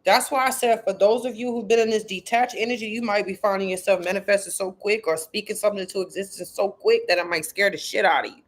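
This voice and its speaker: A woman spiritual content creator talks casually to viewers on a livestream about spirituality, blunt and profane, full of slang and repeating herself for emphasis. Her mid-range voice stays steady in tone as she talks fast with few pauses.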